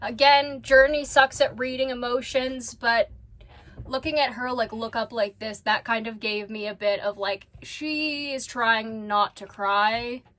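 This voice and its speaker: A woman's voice: a little high, steady tone, measured pace, a bit bright. A woman giving casual reaction commentary as a vlogger, blunt and swearing freely as she talks straight to the person she is watching.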